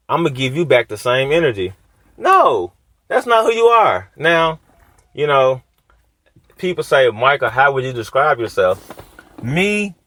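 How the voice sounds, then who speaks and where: A man's voice: mid-range voice, a bit bright. A man with a mid-range voice delivers an informal motivational monologue. He leans on repetition and rhetorical questions, stressing words for emphasis. The sound is dry and close, with no room echo. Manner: conversational, emphatic, repeats phrases, asks rhetorical questions. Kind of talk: casual self-help monologue.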